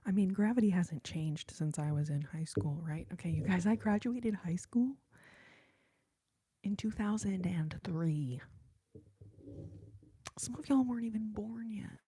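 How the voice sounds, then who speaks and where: A woman in her early forties whispering softly and giggling as she chats with viewers on an ASMR livestream. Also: mid-range voice, measured pace, long pauses, breathy edge, no room sound. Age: early 40s. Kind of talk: whispered ASMR live chat.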